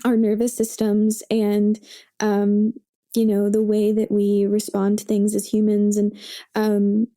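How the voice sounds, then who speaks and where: A woman's voice: mid-range voice, completely flat delivery, takes it slowly, mellow. A woman talking as a podcast guest, chatty and casual, with lots of fillers and easy laughs. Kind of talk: casual conversation.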